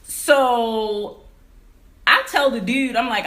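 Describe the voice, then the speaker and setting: A woman's voice: mid-range voice, moderate pace. A young adult woman telling a story in a casual vlog at home, ranting emphatically with lots of swearing. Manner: animated, profane, emphatic ranting. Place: home game room.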